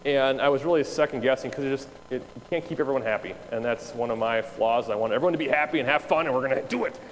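A youth pastor telling a story to an audience, acting out the dialogue with lots of energy. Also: male voice, medium pitch, fast. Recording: reverberant hall with faint noise.

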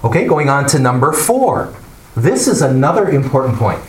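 Man leading a Bible study, lively pitch, echoey room, mic far off, faint hiss. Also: moderate pace. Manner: animated, explanatory, asks the class questions. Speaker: Bible class teacher. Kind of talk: classroom teaching.

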